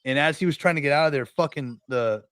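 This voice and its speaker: A man's voice: fairly high pitch, fast talker, a bit bright, clean tone, no room sound. Swearing man telling stories. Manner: swears a lot, rambling storytelling. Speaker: podcast co-host. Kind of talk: casual chat.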